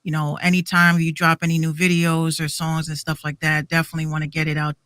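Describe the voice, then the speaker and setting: Podcast host, woman in her 30s, bright dry voice, heated swearing rant. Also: sits low, completely flat delivery, fast, dry recording. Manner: heated, repetitive, swearing rant with many restarts.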